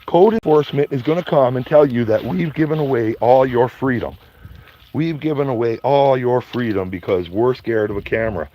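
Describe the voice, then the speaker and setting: A man rants into his phone outdoors, heated and profane, circling back to the same points again and again. His middle-pitched voice comes through a slightly dull, lo-fi stream. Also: moderate pace. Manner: heated, profane, repetitive ranting. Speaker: vlogger streaming to viewers. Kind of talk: ranting live stream.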